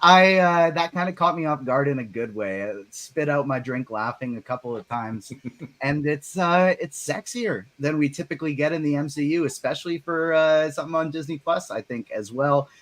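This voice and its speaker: A man's voice: a little high, normal speed, fairly bright tone. A man hosting a live chat show, upbeat and laughing between his points. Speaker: show host. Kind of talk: casual chat.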